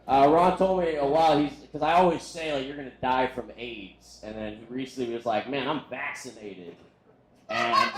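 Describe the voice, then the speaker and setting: Performing for a crowd at a comedy venue, a man with a medium-pitched voice does a crude, rambling roast while making fun of himself. The recording is rough, with an echoey room and slight background noise.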